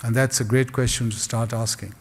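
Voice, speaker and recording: A man giving a public lecture and answering audience questions in a measured, rhetorical way with humorous asides. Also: mid-range voice, fairly even intonation, slight background noise. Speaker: guest speaker. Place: lecture hall. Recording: long hall reverb.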